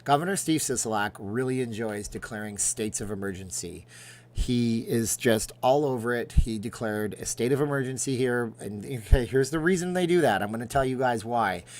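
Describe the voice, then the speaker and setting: A middle-aged man riffing through a casual livestream, chatty and sarcastic as he answers viewers' questions. His pitch sits right in the middle for a man, and he talks loosely and conversationally. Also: a little mellow. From Las Vegas, Nevada. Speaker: livestream host.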